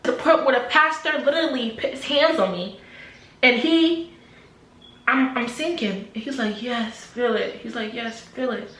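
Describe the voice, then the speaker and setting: A young adult woman telling a personal story to camera in a casual, animated way, repeating phrases and sometimes dropping to a near-whisper. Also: fairly high pitch, a little slow, reverberant, slight background noise. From New Jersey, USA. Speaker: vlogger.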